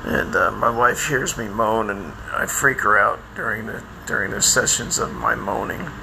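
An older man talking in a rambling, halting personal monologue, with many restarts and fillers. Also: on the low side, creaky, background noise. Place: outdoors by a house, lawnmower nearby.

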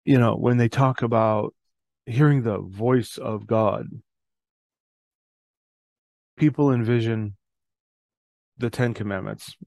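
A man's voice: mid-range voice, unhurried, gravelly, a little mellow, dry recording. A middle-aged man hosting a podcast, talking earnestly about fatherhood and faith and reading scripture aloud. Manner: earnest, reads scripture aloud, self-correcting. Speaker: podcast host. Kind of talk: reflective faith talk.

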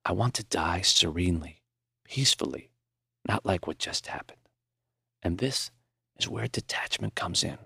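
A man's voice: deep voice, steady tone, no echo, studio quality, full character voice. Man voicing a frail, whispering old man. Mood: weak whisper. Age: older. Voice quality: weak, hushed whisper. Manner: slow, breathy and halting. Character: frail dying old man, gentle and wise.

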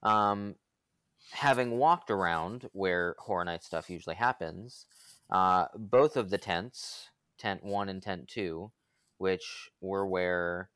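A man co-hosting a podcast in a casual group chat, talking in a relaxed, rambling way with fillers. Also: low voice, clean tone, no room sound. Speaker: podcast co-host.

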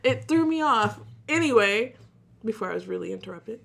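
A woman's voice: mid-range voice, normal speed, gravelly. A woman co-hosting a casual podcast chat, swearing freely and breaking into laughter as she tells stories. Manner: laughs often, swears freely, animated storytelling. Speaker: podcast co-host.

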